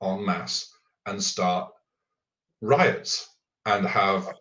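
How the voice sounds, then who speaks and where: A man's voice: deep voice, drawn-out words, a bit bright. A man hosting a casual chat, talking hesitantly with restarts and fillers. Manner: hesitant, restarts and fills often. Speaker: show host. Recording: echoey muffled audio from a distant mic.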